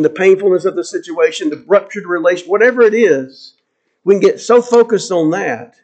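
A man's voice: sits high, darkish tone. A man preaching a sermon to his congregation, earnest and emphatic, often repeating key phrases for weight. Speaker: pastor.

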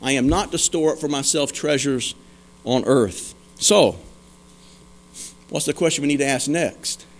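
A man's voice: mid-range voice, a little slow, long pauses. A man preaching a sermon as pastor, earnest and emphatic, posing questions and answering them himself.

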